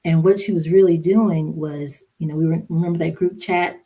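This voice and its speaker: Female interview guest with a low, mellow voice, telling a grave personal story haltingly. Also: fairly even intonation, slightly rough. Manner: halting, many "you know" fillers; somber, recounting a hard memory. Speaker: podcast guest, social worker and mother.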